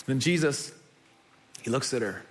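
A man preaching a sermon, telling stories with animated delivery and acting out the people he quotes. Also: mid-range voice, a little slow. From United States. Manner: animated storytelling, acts out quoted voices. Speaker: pastor.

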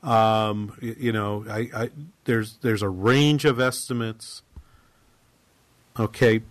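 A man's voice: mid-range voice, dry recording. An analytical male radio talk host who sometimes hesitates mid-thought. His voice sits mid-range and sounds dry, close and clean.

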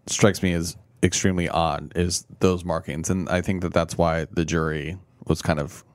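Male podcast co-host, lowish voice, animated and rambling. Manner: animated, acts out quoted voices, fast rambling. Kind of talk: casual podcast chat. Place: podcast room.

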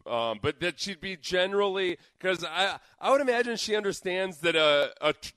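A man's voice: sits high, lively intonation, normal speed, a bit bright, smooth, dry recording. A man co-hosting a radio talk show, giving wry, opinionated takes in casual banter. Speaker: radio co-host.

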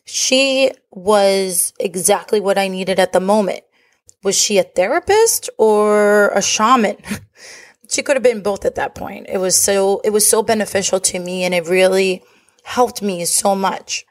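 A woman's voice: medium pitch, unhurried. A woman hosting a podcast, telling a personal story in a candid, profane, confessional way. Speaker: podcast host.

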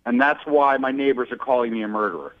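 A man's voice: medium pitch, fast talker. A man on the receiving end of a prank call sounds indignant and exasperated, heard over a phone line. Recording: dull phone-line audio.

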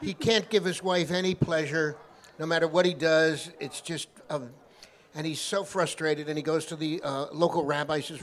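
Animated male storyteller. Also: fairly high pitch, moderate pace. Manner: animated storyteller who slips into voices. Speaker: guest actor. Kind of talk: joke telling and anecdotes on a live show.

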